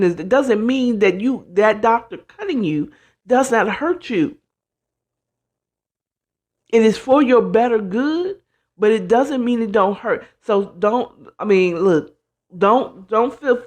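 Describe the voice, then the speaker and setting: Lively woman giving casual life advice. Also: a little high. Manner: animated, swears, acts out quoted voices; says "child" and "you know what I'm saying". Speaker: host.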